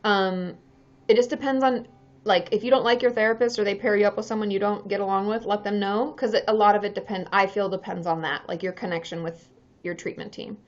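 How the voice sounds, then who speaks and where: A woman therapist chats casually on her livestream in a mid-range, fairly even voice that moves a little fast. Open and talkative, she swears freely and laughs frequently, and the audio is dull and lo-fi.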